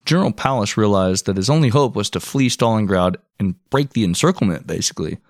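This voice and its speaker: A man's voice: fairly low pitch, expressive, fast, no echo, studio quality. A man co-hosting a history podcast, reading out his notes in a laid-back, profane way. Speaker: podcast co-host. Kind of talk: casual history podcast narration.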